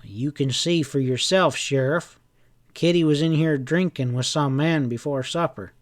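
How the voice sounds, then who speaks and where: A man reading aloud and voicing a suspicious male hotel proprietor, sharp and demanding. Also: fairly high pitch, unhurried, close to an everyday voice. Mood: accusing.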